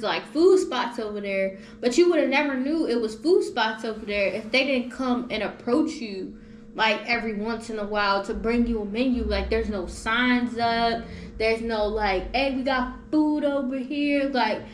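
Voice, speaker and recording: Young woman podcast host, higher voice, casual slangy storyteller, roomy echo. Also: moderate pace. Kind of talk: casual chat. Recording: echoey room with faint noise.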